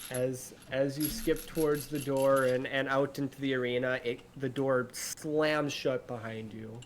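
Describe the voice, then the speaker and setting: A man narrating a tabletop game as game master, in a relaxed way with frequent restarts. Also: mid-range voice, unhurried.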